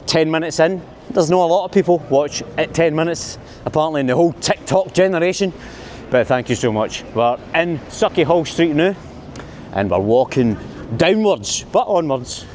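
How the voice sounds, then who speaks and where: A Scottish man talks to his handheld camera as he walks a city street at night. He is chatty, friendly and quick to poke fun at himself. His pitch sits in an ordinary middle range, with faint street noise under his voice. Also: darkish tone. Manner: chatty, self-mocking, friendly. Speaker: vlogger. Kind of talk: walking-tour vlog narration. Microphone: handheld camera mic.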